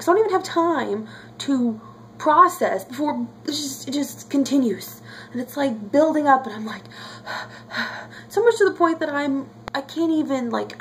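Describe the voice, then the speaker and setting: A woman's voice: high voice, a little hiss or hum. A young woman talking casually to camera in a reaction vlog, chatty and emotional. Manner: chatty and emotional, lots of fillers. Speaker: vlogger.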